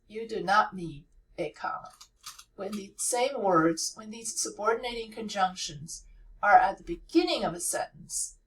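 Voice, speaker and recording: A woman writing teacher giving a lesson, explaining patiently and repeating key points with frequent pauses. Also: mid-range voice, far from the mic, low-quality recording.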